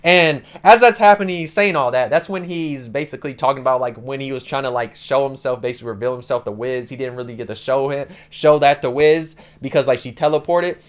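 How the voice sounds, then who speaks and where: A man's voice: mid-range voice, a little fast, hardly any pauses. A man giving a rambling, slangy casual recap of a story as an anime channel host, leaning on "like" and "basically".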